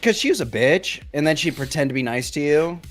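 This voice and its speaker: A man's voice: fairly high pitch, lively intonation, brisk, soft background music. A young man casually telling a childhood story on a podcast, rambling with many fillers and restarts. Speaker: podcast co-host.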